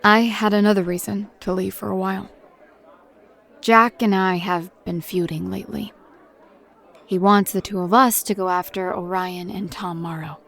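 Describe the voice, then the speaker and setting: A woman's voice: medium pitch, vocal fry. An actress voicing a hardened middle-aged mother and paranormal agent, who tells her report in a blunt, grim, dry-humored way. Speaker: narrator of a recorded report. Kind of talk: audio drama monologue.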